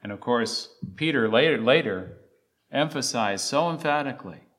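A man's voice: medium pitch, lively intonation, moderate pace, a bit bright. A man preaching a sermon, reciting scripture and asking the congregation emphatic questions. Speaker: pastor.

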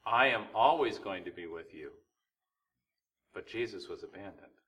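A man preaching a sermon as pastor, swinging between loud emphasis and hushed, urgent rhetorical questions. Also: on the low side, lively intonation, moderate pace, far from the mic, rough recording. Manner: preaching with rising and falling intensity, rhetorical questions.

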